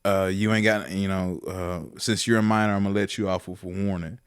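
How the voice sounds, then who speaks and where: A man voicing a deadpan middle-aged male game warden who asks dry, flat questions. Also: sits low, a little fast, clear, resonant tone, no echo, pitched below the performer's own voice, lightly acted.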